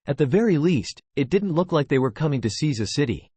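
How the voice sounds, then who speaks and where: Male text-to-speech narrator, lively pitch, dry close sound, reads out punctuation. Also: fairly quick, breathy edge, no room sound. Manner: reads punctuation marks aloud.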